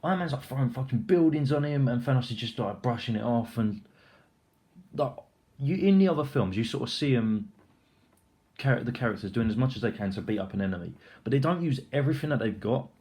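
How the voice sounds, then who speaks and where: A young man giving a casual, rambling film review, excitable and full of swearing and filler words. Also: medium pitch, brisk.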